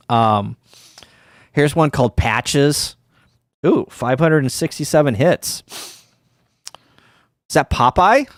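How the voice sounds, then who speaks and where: This ham radio livestream host, a middle-aged man, meanders wearily through a casual stream, full of ums, false starts and dry asides. His voice is mid-range, and the clean studio audio has no echo.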